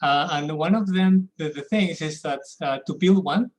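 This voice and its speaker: A man giving a technical lecture as a guest speaker, talking in a halting way with frequent restarts and repeated words. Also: a little high, low-quality recording.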